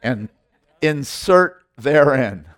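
Middle-aged male pastor, intense emphatic sermon delivery, repeats himself, mid-pitched voice. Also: expressive, very slow. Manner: intense, emphatic preaching with repetitions and restarts.

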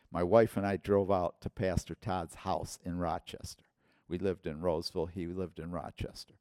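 A man preaching a personal testimony, his voice swelling loud when he quotes others. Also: low-pitched, no echo, clean studio sound. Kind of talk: sermon testimony.

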